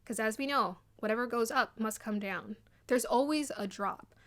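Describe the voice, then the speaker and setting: A young woman giving casual, animated commentary on a dating show, acting out quotes in an excited voice. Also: on the high side, moderate pace. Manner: chatty and animated, mimics people in quotes.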